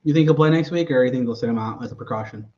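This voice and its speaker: A man's voice: medium pitch, rapid-fire, warm tone, lo-fi sound. A man hosting a casual sports podcast, laid-back and profane, laughing easily. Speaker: podcast host.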